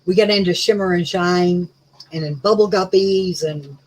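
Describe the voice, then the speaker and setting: A woman's voice: lowish voice, normal speed, a little mellow, rough recording. A woman chatting as a guest, telling rambling stories full of asides. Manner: rambling storyteller, many "you know"s. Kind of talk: casual chat.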